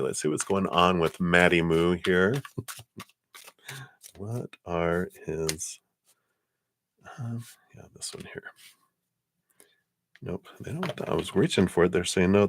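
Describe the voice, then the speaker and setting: A man giving casual live tarot readings in a laid-back, chatty way, laughing often and letting sentences trail off. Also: low-pitched. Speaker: tarot reader.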